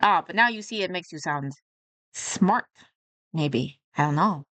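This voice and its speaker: A woman's voice: lowish voice, lively intonation, a little slow, fairly bright tone, no echo. Chatty woman with a light Texan accent. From Texas. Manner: chatty, rambling asides. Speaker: streamer. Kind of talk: casual reaction commentary. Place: home streaming setup.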